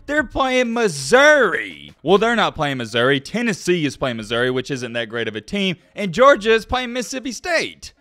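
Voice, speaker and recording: A man's voice: fairly high pitch, fairly bright tone, dry recording, clean studio sound. Hyped young man previewing football. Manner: hyped, playful, trash-talking. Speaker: college football preview host. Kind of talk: energetic sports commentary.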